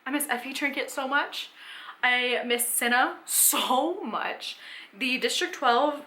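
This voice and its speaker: A woman's voice: sits high, slow pace. A young woman, gushing dramatically about a book in a casual reading vlog. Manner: gushing, dramatic, breathless with excitement. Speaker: book vlogger. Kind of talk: excitable reading vlog chat.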